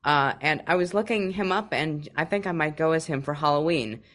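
A man's voice: on the high side, brisk, a bit bright. Playful man co-hosting a chat show. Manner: playful, mock-theatrical. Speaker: co-host. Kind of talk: casual chat.

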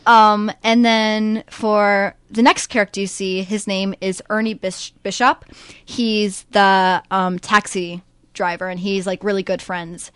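A woman's voice: medium pitch, level tone, unhurried, a bit bright, clean tone, no room sound. A young woman actor talking eagerly in an interview about voicing her roles. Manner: eager, chatty, many fillers. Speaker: young stage actor, guest. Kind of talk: interview chat.

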